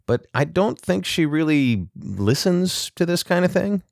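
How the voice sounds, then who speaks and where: A man's voice: on the high side, very animated, unhurried, vocal fry, a little mellow, no room sound, studio quality, voice pushed up, full character voice. A man voicing an anxious, insecure husband who speaks uncertainly and apologetically. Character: anxious insecure young husband, eager to please.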